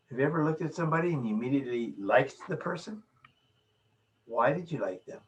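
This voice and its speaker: A man's voice: mid-range voice, lively intonation, quick pace. A man lecturing in a recorded video session, emphatic, repeating his key phrases and acting out small examples. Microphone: video call.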